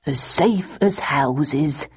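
A woman voicing an elderly, absent-minded male inventor in an audiobook, speaking slowly and gently in a lowered, husky voice. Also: lo-fi sound, heavily acted. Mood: calm. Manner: slow, measured and mild.

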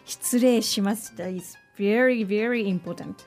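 A woman co-hosting a language lesson, reading model lines and giving short, soft replies. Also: mid-range voice, normal speed, faint music behind. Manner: soft, brief backchannel replies. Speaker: co-host reading dialogue lines.

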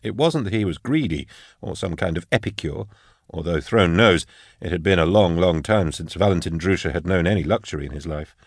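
A man reading scripted audiobook narration in a measured, even storytelling manner. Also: deep voice, no echo, clean studio sound.

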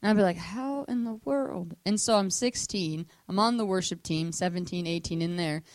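A woman giving a casual, animated testimony sermon to a church audience, full of fillers like "like" and acting out the voices of people in her story. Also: fairly low pitch, a little fast, no echo.

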